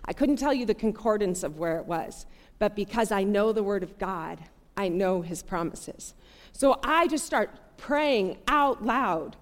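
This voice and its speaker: A woman giving a sermon, telling a personal story in an earnest, conversational and animated way. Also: medium pitch, measured pace. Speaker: preacher. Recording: long hall reverb.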